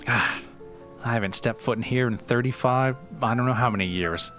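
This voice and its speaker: A man's voice: medium pitch, moderate pace, fairly bright tone, soft background music, natural voice. A man playing a rambling old comedian host. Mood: nostalgic. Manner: stammering, hesitant restarts. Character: aging male comedian host, nostalgic, rambling. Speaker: show host. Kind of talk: comedy audio sketch.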